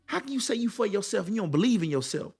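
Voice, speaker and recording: Male motivational speaker, high register, emphatic and repetitive, casual street talk with a preacher's rhythm. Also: very animated, rapid-fire, a little mellow, slightly rough, soft background music. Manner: colloquial, addresses viewers directly. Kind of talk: motivational monologue to camera.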